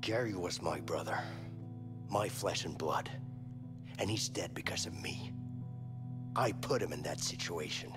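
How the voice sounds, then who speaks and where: Um irmão enlutado e sério. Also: male voice, sits low, unhurried, long pauses. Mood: determined. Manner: earnest, pleading. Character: grieving adult man seeking revenge for his brother. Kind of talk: video game dialogue. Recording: game audio under music.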